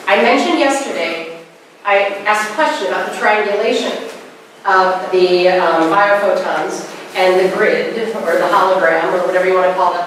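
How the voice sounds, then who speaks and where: A woman in her forties giving a spiritual talk, telling stories in a lively way and acting out quoted lines. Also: mid-range voice. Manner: animated storytelling with acted quotes. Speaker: spiritual speaker. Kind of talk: conversational talk. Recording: echoey room, distant mic, faint noise.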